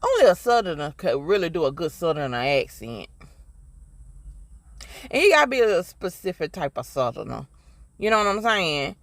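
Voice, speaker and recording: A man's voice: fairly high pitch, very animated, normal speed, gravelly, long pauses, fairly bright tone, no room sound. A man from Mississippi with a Southern accent, giving a rambling, profane, emphatic TV review in casual chat. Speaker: TV show reviewer.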